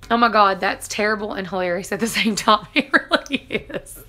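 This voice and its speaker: A woman's voice: medium pitch, normal speed, bright, forceful tone. A woman in her thirties, chatting casually on a live stream, laughing often and acting out what people said. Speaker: vlogger reading live chat.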